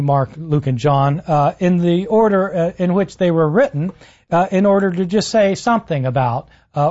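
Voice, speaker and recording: A man lecturing on the gospels and retelling scenes with animated delivery, lifting his voice for quotations, with frequent "uh" fillers. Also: a little high, muffled recording. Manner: animated storytelling, rises for quotes, frequent "uh" fillers. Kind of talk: university-style lecture.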